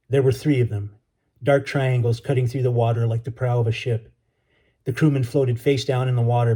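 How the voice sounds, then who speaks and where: A man reads a chapter of his own novel aloud as an author and teacher, easy and relaxed. His tone is mellow and dark at an average pitch. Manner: casual, relaxed greeting. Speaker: author and educator.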